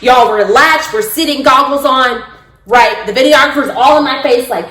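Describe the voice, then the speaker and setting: A young adult woman vlogger telling a story with her partner, excitable and acting out quotes with squeals and laughter. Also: sits high, normal speed, roomy sound, noisy background.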